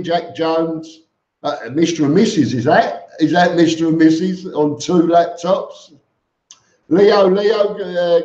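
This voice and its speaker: A man reads out viewers' names and greets each one in a slow, relaxed, chatty way. His voice sits a little high for a man. It echoes around a room at home, and the sound is dull and lo-fi. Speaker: live stream host. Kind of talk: casual live stream chat reading comments.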